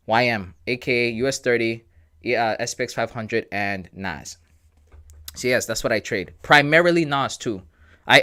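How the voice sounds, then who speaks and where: A man's voice: mid-range voice, sharp tone. Laid-back slangy man hosting a livestream. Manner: laid-back, joking, reads chat aloud, slangy. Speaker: livestream trading host. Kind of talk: casual livestream chat with viewers.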